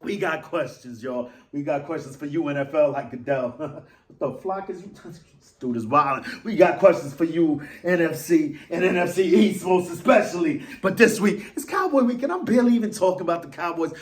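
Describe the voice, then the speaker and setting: Excitable, high-voiced man ranting. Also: normal speed. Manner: excitable, rambling, slangy, self-mocking. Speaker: vlog host. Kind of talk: fan rant vlog.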